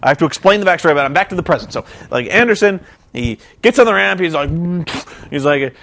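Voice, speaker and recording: Animated, rambling young man. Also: on the high side, fast talker, creaky. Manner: rambling, incredulous, sarcastic. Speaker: vlogger. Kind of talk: rambling comedic recap.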